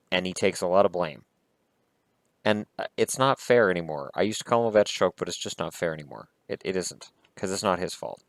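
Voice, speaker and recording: A man's voice: low voice, no room sound. A man vlogging about hockey, talking in a heated, blunt and profane way. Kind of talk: casual opinion rant.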